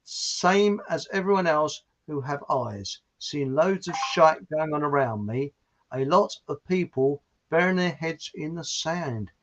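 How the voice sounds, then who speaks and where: A man with a southern English accent telling chatty, animated stories as a guest on a video call. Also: a little high, measured pace. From southern England. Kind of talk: casual chat on a video call. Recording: muffled video call audio.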